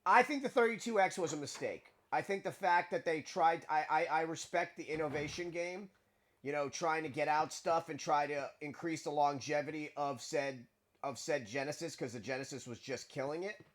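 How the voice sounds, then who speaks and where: A man's voice: on the high side, moderate pace. A man streaming a game live and chatting casually, rambling and restarting his words as he talks. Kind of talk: casual chat while playing a game.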